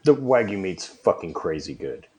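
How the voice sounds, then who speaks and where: A man's voice: low-pitched, moderate pace. A man from southwest Louisiana hosting a podcast, chatting casually and swearing freely. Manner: relaxed, swears a lot. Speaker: podcast host. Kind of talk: casual chat.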